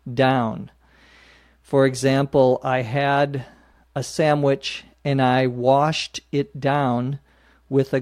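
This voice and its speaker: Patient and slow, this English-teaching podcast host explains phrases and spells words letter by letter. His voice is medium-pitched and darkish, captured at studio quality without echo.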